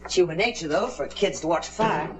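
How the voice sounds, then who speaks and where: An actress playing a nagging middle-aged aunt in a 1950s television drama, falsely sweet and needling. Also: female voice, fairly low pitch, lively intonation, a little fast, noisy background, close to an everyday voice.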